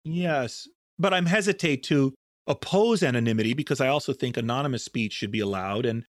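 A man's voice: mid-range voice, brisk, no echo, studio quality. A man answering interview questions in a thoughtful, rambling way, often restarting his sentences. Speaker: guest scientist.

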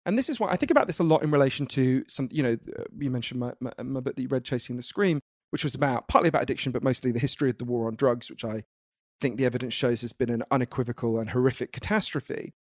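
A man from the United Kingdom, a guest author in an interview, explaining ideas in an animated, lively way. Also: mid-range voice, fast talker, no echo, clean studio sound. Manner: animated, explanatory, laughs easily. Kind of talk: conversational interview.

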